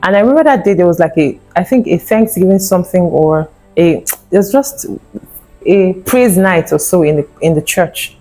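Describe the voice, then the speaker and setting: A woman in her thirties recounts her own fertility story for her vlog, earnest and emotional, performing the quoted lines. Her lowish, mellow voice is animated and moves at a moderate pace, with soft background music and poor audio.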